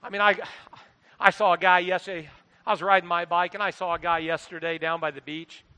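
A middle-aged man preaching a sermon into a microphone, animated, swinging between quiet asides and loud exhortation. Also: sits high, brisk, clean tone. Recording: long hall reverb.

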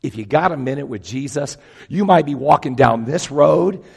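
A man in his fifties preaching a sermon, telling stories with acted-out voices and swinging between loud bursts and hushed lines. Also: on the high side, normal speed, creaky, breathy edge. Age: 50s. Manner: animated storytelling, acting out voices, big swings from loud to hushed. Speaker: pastor. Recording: long hall reverb.

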